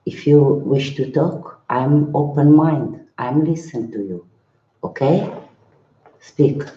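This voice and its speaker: Slow, halting older man in a roomy space. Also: a little high, dark tone. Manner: slow, halting, repeats words, broken English. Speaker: monk. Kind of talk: live-stream chat answering viewers. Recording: roomy, slightly dull sound.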